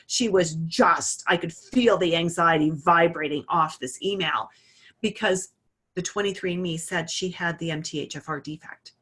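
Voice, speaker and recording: A woman's voice: on the low side, fairly bright tone. A woman teaching iridology, walking through a client case in a conversational way and narrating a live demonstration. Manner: conversational, talks through a case story and adjusts a camera while speaking. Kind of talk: explanatory lesson with a live demonstration.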